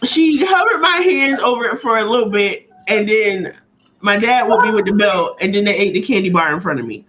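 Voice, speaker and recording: Animated, profane woman telling a story. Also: mid-range voice, brisk, background noise. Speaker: podcast co-host. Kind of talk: casual storytelling chat. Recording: slightly muffled audio.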